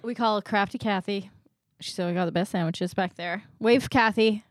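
A woman co-hosting a comedy podcast, joking and bantering with silly bits and sudden loud laughs. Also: mid-range voice, normal speed, no room sound, clean studio sound. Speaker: podcast co-host. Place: small home room.

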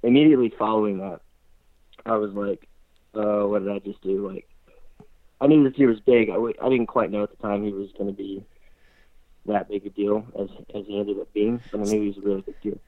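A man's voice: lowish voice, fairly quick, no room sound. Man telling a hunting story over a tinny line. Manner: animated, rambling, heavy use of "like". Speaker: hunter guest. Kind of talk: excited storytelling in conversation. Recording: tinny phone-like line, dry.

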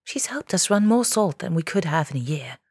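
A woman voicing an impulsive young female smuggler who speaks in an urgent, raised, quick way. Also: lowish voice, big pitch swings, a little mellow, husky, no echo, clean studio sound, heavily acted.

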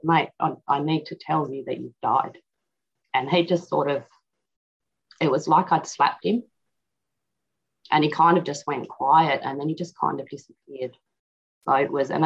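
A middle-aged woman telling a personal story as an interview guest, halting and reflective, with frequent restarts. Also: deep voice, husky. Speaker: guest and author. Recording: dull lo-fi audio.

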